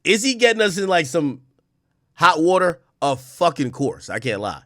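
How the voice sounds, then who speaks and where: A man's voice: on the high side, big pitch swings, moderate pace, a bit bright, dry recording. Guy streaming reactions to clips, swears a lot, laughs, voice jumps up and down, dry close sound. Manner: blunt, profane, laughs often. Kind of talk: casual reaction commentary.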